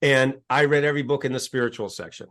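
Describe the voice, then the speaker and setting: A man speaks as an interview guest, telling a personal story in an earnest, emphatic way. His voice sits at an ordinary middle pitch for a man. He often repeats words and phrases to drive a point home. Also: fast, fairly bright tone. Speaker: guest, coach and author.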